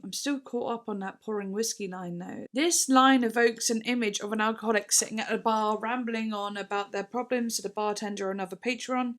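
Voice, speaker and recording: Woman, music reactor, excitable, swears, reads lyrics aloud, mid pitch. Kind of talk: casual reaction commentary.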